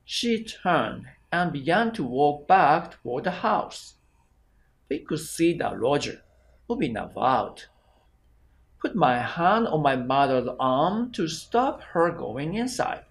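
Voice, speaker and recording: A man's voice: on the high side, big pitch swings. A male exam prep teacher, reading an English exam passage aloud carefully. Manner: slow, careful read-aloud.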